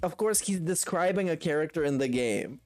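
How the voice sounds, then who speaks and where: A man's voice: on the high side, lively intonation, brisk, faint music behind. A man hosting a stream, reacting to clips with sarcastic, mocking commentary. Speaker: stream host.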